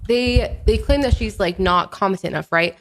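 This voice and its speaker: Woman, podcast co-host, mid-range voice, casual chat, animated, lots of filler words. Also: medium pitch, moderate pace, slight background noise. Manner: animated, full of fillers like "like" and "okay, so".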